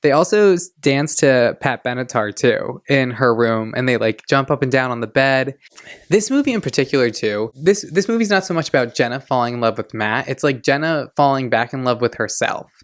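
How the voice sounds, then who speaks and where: A man in his twenties hosting a podcast, chatting in a gushing, excitable way. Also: medium pitch, a little fast, dry recording, studio quality. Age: 20s. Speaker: podcast host. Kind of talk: casual chat.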